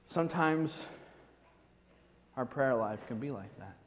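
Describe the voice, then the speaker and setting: A man's voice: mid-range voice, animated, takes it slowly, a little hiss or hum. A man preaching a sermon in a conversational way, with rhetorical asides to the congregation. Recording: dull reverberant hall recording.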